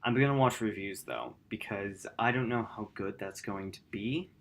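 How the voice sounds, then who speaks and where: A man hosting a gaming channel, talking through his upload plans in a rambling, self-correcting late-night vlog. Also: moderate pace. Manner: quiet, low-key.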